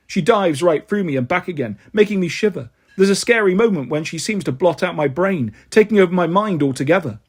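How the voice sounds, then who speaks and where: Husky-voiced man reading a storybook. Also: high voice, brisk, hardly any pauses. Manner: expressive reading, voicing characters. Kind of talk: audiobook reading of a novel.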